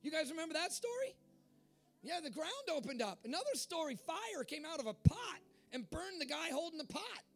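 A man preaching a sermon in a fervent way, at times rising to shouts. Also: very high-pitched, big pitch swings, normal speed. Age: adult.

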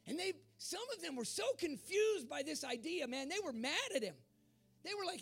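A man preaching a sermon in a fervent way, at times rising to shouts. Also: very high-pitched, animated, normal speed, faint music behind. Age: adult.

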